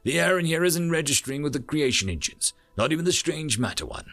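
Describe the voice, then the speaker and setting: A man voicing a steady male engineer who speaks in firm, urgent commands. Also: fairly high pitch, quick pace, faint music behind, voice pushed up.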